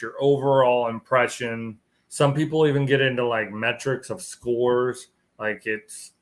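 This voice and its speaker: Tired guy rambling on his live stream, average pitch, keeps chuckling. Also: a bit bright. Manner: rambling, chuckles often, greets viewers. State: tired, yawning. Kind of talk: casual live stream chat.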